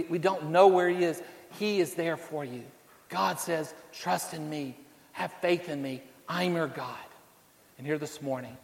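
A male preacher giving a sermon, shifting between quiet pleas and rising storytelling, sometimes repeating words as he searches for the phrase. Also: on the high side. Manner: builds to loud storytelling, then drops quiet. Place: church sanctuary. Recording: long hall reverb.

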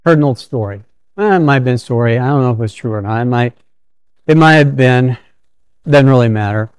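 A man's voice: medium pitch, brisk, clean tone, no room sound. A man preaching a sermon in a conversational storytelling way, often restarting his sentences.

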